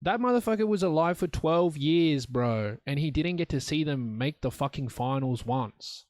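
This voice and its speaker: A man's voice: on the high side, animated, normal speed, darkish tone, no room sound, studio quality. A young man hosting a solo podcast, talking in a blunt, profane, rambling way. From Australia. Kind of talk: rambling casual monologue.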